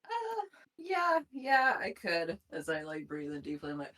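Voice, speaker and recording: A woman's voice: fairly low pitch, wildly swooping pitch, a little slow, a bit bright. A woman player in a tabletop role-play, blunt and practical in character, haggling over pay.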